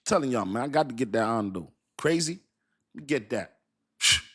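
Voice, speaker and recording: An excitable man in his fifties rambles through a casual live stream. He speaks, piles on slang and repeats himself, and often breaks into laughter. His pitch sits in the middle of the male range. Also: moderate pace. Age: 50s. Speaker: crypto livestream host.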